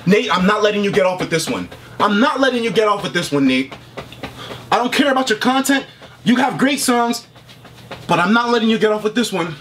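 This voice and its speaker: High-pitched man in a profane rant. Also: expressive, brisk, fairly bright tone, slight background noise. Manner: heated, profane, reads messages aloud. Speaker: online streamer. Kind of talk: angry reaction rant.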